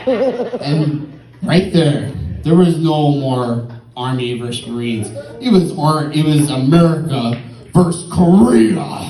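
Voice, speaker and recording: A man's voice: a little high, animated, unhurried, mellow, roomy sound, recorded from a distance, rough recording. A tipsy man telling a rambling, profane story in a stand-up set at a comedy club.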